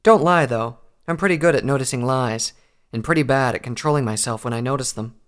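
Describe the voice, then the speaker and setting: A man's voice: mid-range voice, brisk, voice pushed up, natural voice. A man voicing a cruel, hot-tempered female unicorn captain who hisses her threats in an audiobook. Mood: menacing. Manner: hissing, menacing. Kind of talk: audiobook character voice.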